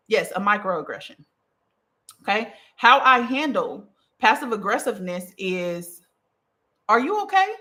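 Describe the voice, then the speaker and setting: A woman coaching on communication in a casual teaching talk, emphatic and animated, checking in with the listener after nearly every point. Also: mid-range voice. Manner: emphatic, checks in with "okay?" and "right?"; animated, punchy delivery.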